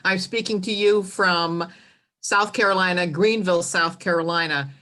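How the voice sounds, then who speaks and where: A woman's voice: on the low side, moderate pace, bright, forceful tone. A woman in her sixties from California, co-hosting a casual chat in an effusive, chatty way. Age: 60s. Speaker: co-host.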